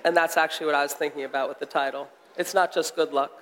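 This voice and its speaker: An American author, a man, reading a passage aloud with measured, wry storytelling, then chatting onstage. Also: on the high side, fairly even intonation, a bit bright, a little hiss or hum. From United States. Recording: long hall reverb.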